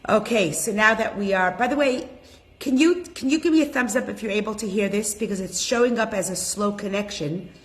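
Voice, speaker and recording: A woman's voice: medium pitch, brisk. Woman, class teacher, casual online talk, greets everyone by name, chatty.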